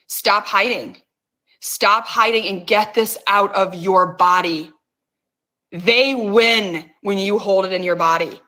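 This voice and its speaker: A woman's voice: medium pitch, fairly bright tone. A middle-aged woman hosting, coaxing listeners with intense words and frequent swearing. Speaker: host. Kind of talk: guided emotional release session.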